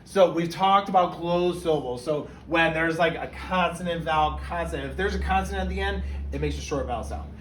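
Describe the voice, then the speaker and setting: A male teacher giving a phonics lesson in an upbeat way, drawing out words so each syllable is clear. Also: a little high, a little fast. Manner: upbeat, stretches out and stresses words. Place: classroom. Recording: roomy and distant with faint hiss.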